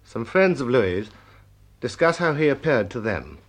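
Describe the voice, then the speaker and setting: A man's voice: mid-range voice, big pitch swings, measured pace. A man giving formal, composed scripted narration. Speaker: documentary narrator.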